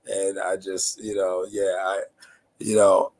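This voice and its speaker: A man from North Carolina with a raspy, nasal voice, chatting casually as a podcast host in a laid-back, rambling, slangy way. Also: deep voice, level tone, takes it slowly, a little mellow. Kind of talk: casual chat.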